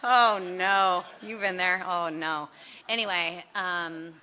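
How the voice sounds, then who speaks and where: Middle-aged woman, bright forceful voice, animated chatty storyteller sharing at a meeting. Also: lowish voice, slow, slight background noise. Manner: chatty and animated, laughing, lively asides. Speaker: speaker sharing at a recovery meeting. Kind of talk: personal story told to a live meeting.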